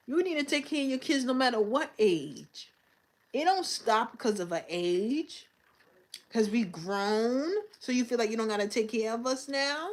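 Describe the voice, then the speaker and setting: A young woman livestreaming, telling a personal story in a candid, slangy, venting way to her chat. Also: a little high. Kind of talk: casual live-stream storytelling.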